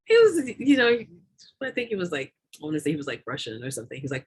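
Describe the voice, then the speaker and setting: A woman's voice: low-pitched, wildly swooping pitch, fast, darkish tone, breathy edge. A woman doula talking as a guest in a casual interview, rambling with many fillers and repeated words, often laughing. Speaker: doula and lactation consultant, guest.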